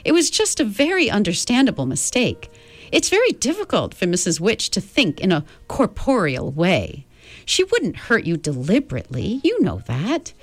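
A woman's voice: medium pitch, wildly swooping pitch, moderate pace, no echo. A woman voicing a cheerful, motherly old female being from the stars who reassures children. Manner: bright, coaxing, reassuring.

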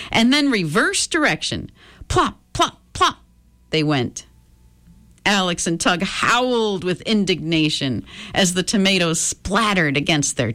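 In a gentle, expressive storytelling style, a woman with a fairly low voice reads a children's chapter book aloud.

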